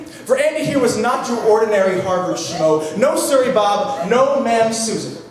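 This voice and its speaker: A young man narrating a comic story to a live audience, mock-grand and theatrical, with sudden shouted lines. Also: high-pitched, lively intonation, moderate pace. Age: young adult. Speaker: narrator of an a cappella comedy skit. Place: performance hall. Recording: roomy hall from far off, crowd.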